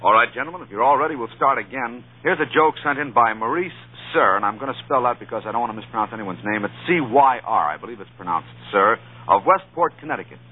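A man hosting a radio joke panel with jovial, lively banter. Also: medium pitch, fast talker, hardly any pauses, slightly rough. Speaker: show host. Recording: tinny noisy old radio broadcast.

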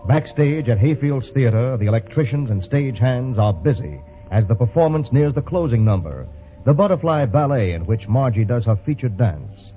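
A man's voice: medium pitch, animated, moderate pace, lightly acted. A man narrating a 1930s radio serial in a dramatic, inviting way. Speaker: announcer and narrator. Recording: dull old radio recording with music.

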